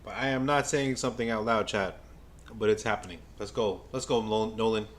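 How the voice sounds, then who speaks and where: Excitable man calling the game for chat. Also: lowish voice, fairly quick, a little hiss or hum. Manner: excitable, stammering, talks to the chat. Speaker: fan livestreamer doing play-by-play. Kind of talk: casual live game watch-along commentary.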